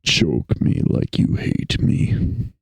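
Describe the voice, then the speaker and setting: A man doing an impression: a very deep, slow, breathy announcer voice with a mock-seductive delivery, as a joke on a livestream. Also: a little mellow, dry recording. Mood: sultry.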